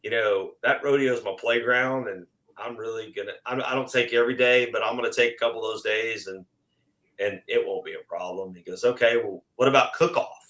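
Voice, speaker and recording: Middle-aged man, bright tone, animated storyteller who acts out the dialogue himself. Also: medium pitch, brisk, poor audio. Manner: animated, acts out quoted exchanges. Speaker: guest. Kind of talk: casual storytelling chat.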